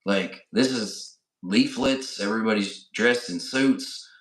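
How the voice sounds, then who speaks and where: A man's voice: lowish voice, slow. A middle-aged man co-hosting a podcast, telling a casual story and often checking in with "right?" and "you know". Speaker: podcast co-host. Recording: roomy echo.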